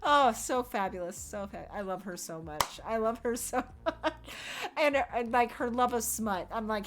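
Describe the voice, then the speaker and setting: A woman's voice: fairly high pitch, lively intonation, normal speed. A young woman streaming, chatting casually and animatedly, laughing often, swearing and acting out quotes. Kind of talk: casual chat. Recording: faint music behind.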